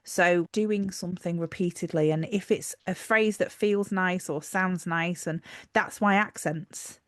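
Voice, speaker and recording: A woman's voice: lowish voice, fairly even intonation, a little slow, no echo. North Yorkshire woman, dry close sound. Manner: earnest, a little anxious. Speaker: podcast co-host. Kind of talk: casual chat.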